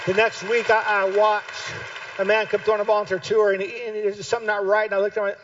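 A male pastor preaching a sermon with passion, repeating key phrases and building to shouted calls to keep going. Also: high-pitched, flat delivery, quick pace, noisy background. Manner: impassioned, builds to shouted exhortation. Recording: dull lo-fi recording.

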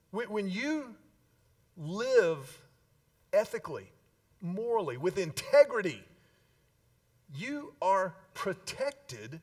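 A man preaching a sermon as pastor, emphatic, with dramatic pauses and slowed key phrases. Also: high-pitched, distant mic.

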